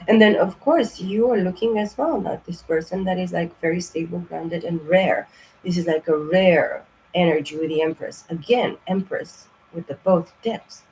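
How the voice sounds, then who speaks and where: A woman's voice: lowish voice, moderate pace, a little mellow, slight background noise, poor audio. A woman giving a casual tarot reading, blunt and profane, rambling with lots of fillers. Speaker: tarot reader.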